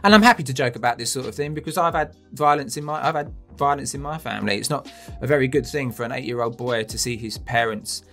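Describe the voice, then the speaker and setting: A man's voice: mid-range voice, fast, fairly bright tone, soft background music. A man hosting a comedic rant, sweary and sarcastic, with mocking outbursts. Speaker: host.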